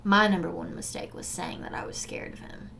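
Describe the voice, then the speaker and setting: A woman's voice: fairly low pitch, steady tone, fairly quick, gravelly, slight background noise. A young adult woman telling her own story to the camera in an earnest, emotional way, speaking straight to her viewers. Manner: swings from forceful urging to soft, subdued recollection. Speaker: vlogger sharing a personal story. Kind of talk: candid direct-to-camera storytelling.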